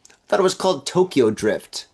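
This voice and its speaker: Male podcast host, slightly higher voice, animated comic news riffing. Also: a little fast, husky. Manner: animated, joking asides, acts out drunk voices. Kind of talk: casual comedic news commentary.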